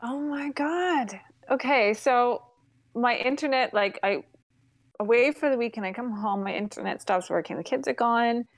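An exasperated woman rants through a comedic story, swearing freely and breaking into laughs mid-sentence. Her voice sits a little high, and the sound is close and dry with no room around it. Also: moderate pace, no room sound.

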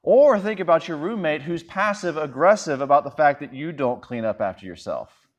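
A man's voice: fairly high pitch, lively intonation, normal speed. A man in his thirties, a pastor preaching a sermon in a conversational, self-deprecating storytelling way.

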